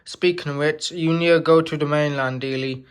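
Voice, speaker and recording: A man's voice: on the high side, fairly even intonation, smooth, natural voice. A man voicing a bossy male railway controller giving orders. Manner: bossy, hurried instructions.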